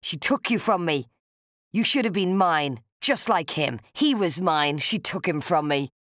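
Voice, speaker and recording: A reader doing a resentful older woman in an audiobook, low and quiet with a simmering menace that breaks into hisses and furious shouting. Her pitch sits mid-range, and the recording is dry and close with no room sound. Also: animated, unhurried, dry recording. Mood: raging. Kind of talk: audiobook character voice.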